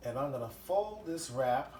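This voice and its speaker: A man's voice: medium pitch, lively intonation, normal speed, a little mellow, slight background noise. Chatty guy cooking at home, voice jumps all over, echoey kitchen. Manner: chatty and enthusiastic, lots of fillers. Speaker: home cooking show host. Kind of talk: casual cooking demonstration.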